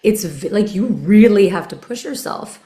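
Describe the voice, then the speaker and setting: A woman's voice: mid-range voice, animated, normal speed, mellow. Reflective woman host, roomy sound. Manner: earnest, reflective, many quoted inner thoughts. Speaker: podcast host. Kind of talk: conversational interview. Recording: roomy echo.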